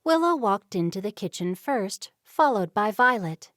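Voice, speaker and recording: A woman narrating a novel in an even, measured reading. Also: medium pitch, dry recording, studio quality. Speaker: audiobook narrator. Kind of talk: scripted narration.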